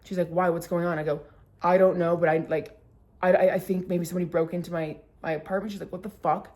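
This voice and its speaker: Casting: young woman, storytime vlogger, lowish voice, animated, swears a lot, peppers everything with "like". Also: fast talker. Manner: animated, swearing, heavy use of "like". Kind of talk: casual storytime vlog.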